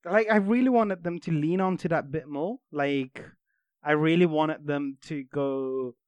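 A man in casual podcast chat about a movie, chatty and quick to chip in with trivia, laughing a lot. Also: on the high side, muffled recording, background noise. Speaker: podcast co-host.

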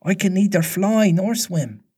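A man's voice: high voice, measured pace, dark tone, husky, pitched above the performer's own voice. A man reading aloud, voicing a brave young boy who is wounded and growing faint. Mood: weary.

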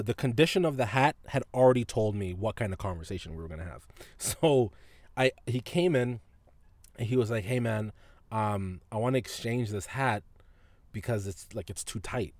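A man's voice: mid-range voice, no room sound. A man hosting a podcast, telling a story in a casual, profane way and laughing often. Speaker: podcast host.

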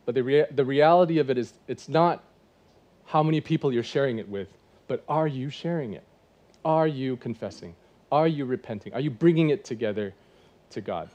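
A man's voice: mid-range voice, moderate pace, a little mellow. A man in his forties preaching a sermon in a church, conversational and full of rhetorical questions. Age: 40s. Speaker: pastor.

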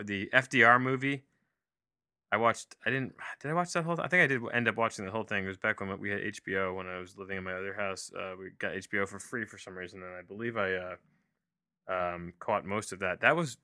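A man's voice: lowish voice, sharp tone, no echo. A man reviewing a movie from his home office, rambling and self-deprecating, with many fillers and restarts.

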